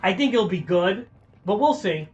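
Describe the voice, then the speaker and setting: A man's voice: high-pitched, expressive, normal speed, highs cut off, a little hiss or hum. A young man streaming a game, ranting with lots of swearing in frustration. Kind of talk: casual gameplay commentary.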